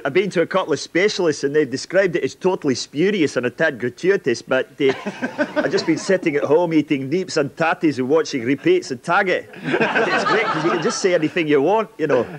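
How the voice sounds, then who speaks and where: A man's voice: on the high side, lively intonation, a little fast. A man in a put-on Scottish accent, giving a dry, mocking comic field report with many hesitations. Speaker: comedy reporter. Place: busy city street outdoors. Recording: loud street noise.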